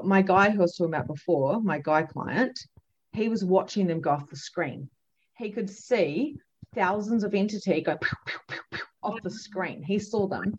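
A woman, a psychic medium and podcast guest, telling a story in an animated, emphatic way with many fillers. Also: mid-range voice, breathy edge, dull audio. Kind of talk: casual storytelling chat.

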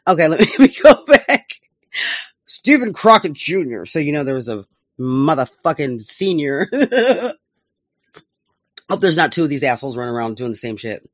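A woman's voice: on the low side, fairly bright tone, no echo, studio quality. A woman hosting a podcast, giving casual political commentary in a profane, laughing, mocking way. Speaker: podcast host.

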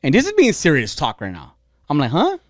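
Animated, crude-joking man podcast host. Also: fairly high pitch, fast, no room sound, clean studio sound. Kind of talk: casual podcast chat.

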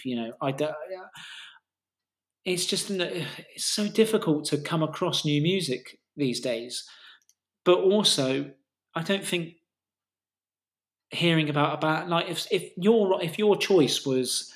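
A man's voice: fairly high pitch, normal speed, roomy sound. A man co-hosting a casual music podcast, talking enthusiastically and rambling with restarts and the odd swear. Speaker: podcast co-host.

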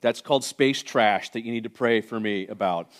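A man preaching a sermon to his congregation. He moves between hushed, intimate passages and loud, emphatic ones, with conversational joking asides. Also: lowish voice, moderate pace. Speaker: pastor.

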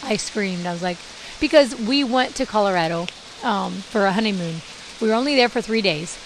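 A woman in her forties telling her life story in a casual podcast monologue, talking in lively bursts and acting out the dialogue she quotes, with many fillers. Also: mid-range voice, normal speed, poor audio. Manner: animated, acts out quoted dialogue, frequent fillers. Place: indoors during heavy rain. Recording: faint hiss and rain noise.

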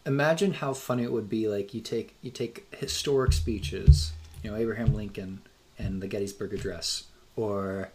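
A man's voice: fairly low pitch, moderate pace, background noise. A man co-hosting a podcast in casual chat, playful and often laughing as he talks. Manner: playful, laughs while talking. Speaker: podcast co-host.

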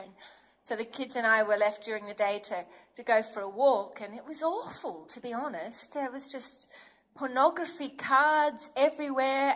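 A woman's voice: a little high, fairly bright tone. A woman preacher giving an earnest, emphatic sermon and acting out inner voices as she goes.

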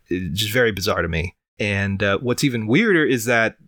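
A man's voice: lowish voice, lively intonation, moderate pace, few pauses, a bit bright, dry recording, clean studio sound. A man with a fever, chatting casually as a podcast co-host, rambling with lots of fillers and casual swearing. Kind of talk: casual chat.

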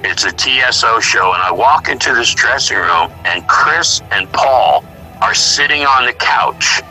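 A middle-aged male musician talking casually in an interview, animated and blunt, acting out what others said. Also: mid-range voice, a little slow, faint music behind, low-quality recording. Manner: animated storyteller, acts out quotes, swears freely. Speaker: musician guest.

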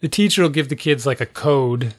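Animated man telling a parenting story. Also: medium pitch, brisk. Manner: animated storytelling, exasperated asides. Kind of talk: casual chat.

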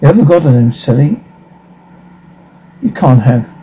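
A man reading a gentle, wistful young girl. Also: mid-range voice, expressive, a little slow, slightly rough, low-quality recording.

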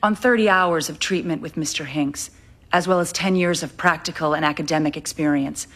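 An actress playing a calm, matter-of-fact female criminal psychologist testifying in a TV legal drama. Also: low voice, brisk.

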